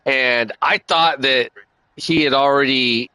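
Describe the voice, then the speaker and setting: Chill streamer dude talking to chat, swears a lot, bright voice, super dry close sound. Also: male voice, medium pitch, takes it slowly, clear, resonant tone, no echo, poor audio. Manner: laid-back, slangy and profane, calls everyone dude and man. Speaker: racing game streamer. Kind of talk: casual live-stream chat.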